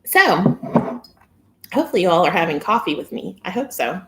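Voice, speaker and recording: Woman host, casual live-stream chat on a phone camera, chatty and giggly, slightly low voice. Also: big pitch swings, moderate pace. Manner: chatty and giggly, reading viewer comments. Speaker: weight-loss vlogger hosting a live stream.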